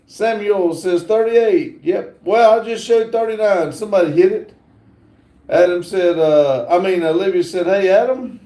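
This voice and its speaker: This livestream host speaks with a drawl in a fairly high, mellow voice, taking his time as he reads out comments from the chat. He leans on plenty of fillers and pauses, and the space around him echoes.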